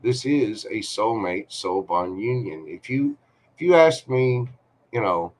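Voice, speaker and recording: A man hosts a live tarot stream, turning the cards over for a viewer's question. His voice sits low, and he talks slowly, in a chatty, reassuring way. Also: expressive. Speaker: tarot reader.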